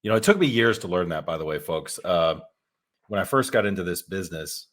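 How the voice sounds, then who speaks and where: Low-voiced Texan man, podcast co-host, folksy and self-deprecating. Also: animated, a little fast, fairly bright tone. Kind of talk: casual podcast conversation.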